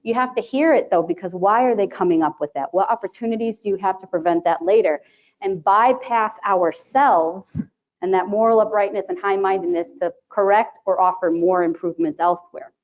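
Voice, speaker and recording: A woman presenting to a live conference audience, chatty and animated, laughing often and acting out quotes. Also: medium pitch, brisk. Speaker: conference presenter, sterile processing educator. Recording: dull lo-fi sound.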